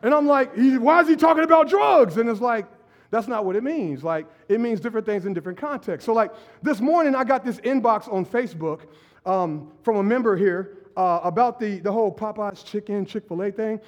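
A man preaching a lively, conversational sermon and joking with his congregation. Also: sits high, fairly quick. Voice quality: animated, jokey, talks with the audience. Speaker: pastor. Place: church sanctuary. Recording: long hall reverb.

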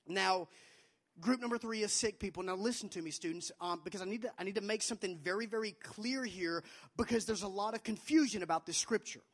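A man's voice: brisk, a bit bright. A young man preaching a sermon to students as a youth pastor, emphatic and repeating his phrases. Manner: emphatic, repeats phrases, acts out quotes in a high childlike voice.

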